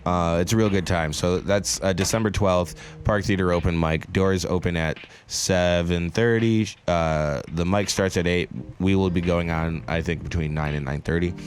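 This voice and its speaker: A man's voice: low-pitched, steady tone, moderate pace, hardly any pauses, a little hiss or hum. A young man co-hosting a casual podcast chat, laughing often and retelling quotes with sarcasm. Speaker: podcast co-host.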